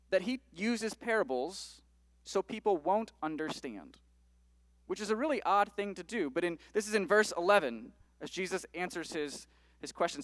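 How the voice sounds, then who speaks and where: A man's voice: high-pitched, fairly bright tone, no echo. A man preaching a sermon, reading scripture aloud and then explaining it in a conversational way. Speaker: pastor.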